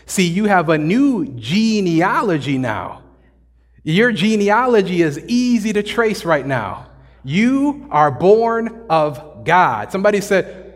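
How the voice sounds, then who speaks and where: High-voiced man preaching in a reverberant hall. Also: very animated, slow pace. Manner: conversational, joking, slangy preaching. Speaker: pastor. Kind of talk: sermon. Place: church sanctuary.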